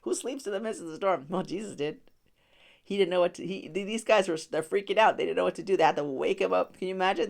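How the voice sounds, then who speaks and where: Speaking quickly in a gravelly voice on the low side, a podcast host and Bible teacher leads her devotional show. She's conversational, using lots of fillers and laughing often.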